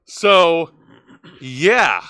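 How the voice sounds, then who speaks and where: A man's voice: fairly high pitch, very animated, extremely slow, pushed and bright. A man co-hosting a casual wrestling review podcast, rambling through match recaps and stumbling over his words. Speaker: wrestling show co-host.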